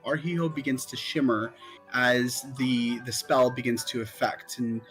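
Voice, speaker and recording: A man slowly describing his character's spell in a tabletop game, pausing with many ums. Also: mid-range voice, steady tone, fairly bright tone, soft background music, rough recording. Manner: slow, halting, many ums. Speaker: player.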